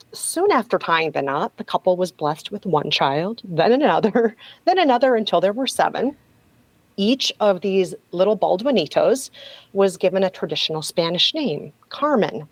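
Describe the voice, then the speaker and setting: A woman's voice: mid-range voice, no echo, rough recording. A woman guest on a podcast, telling a story in a sardonic, casual way and laughing often.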